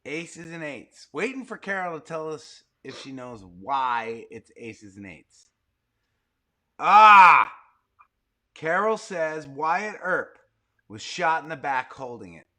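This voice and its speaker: A man hosting a casual online gathering, reading out viewer answers with excitable reactions. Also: a little high, a little slow. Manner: animated, excitable. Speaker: host of a livestream gathering.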